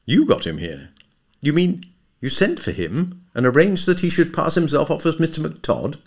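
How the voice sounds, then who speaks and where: A brisk, impatient young woman who gives orders firmly, voiced by a man. Her voice sits slightly raised and moves with lively ups and downs. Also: fairly high pitch, vocal fry, pitched above the performer's own voice, heavily acted. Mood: questioning. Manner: impatient, firm.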